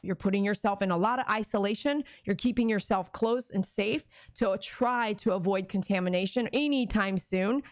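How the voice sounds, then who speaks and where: Speaking in a mid-range voice, a woman who runs a dog grooming business chats casually and emotionally to her viewers on camera from her grooming salon, addressing them directly. The recording is dry and studio quality.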